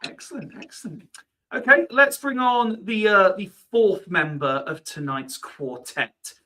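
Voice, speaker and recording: Bright-voiced chatty podcast host man. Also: sits high, unhurried. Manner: chatty, with frequent "uh" hesitations. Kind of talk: casual football podcast chat. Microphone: remote livestream call.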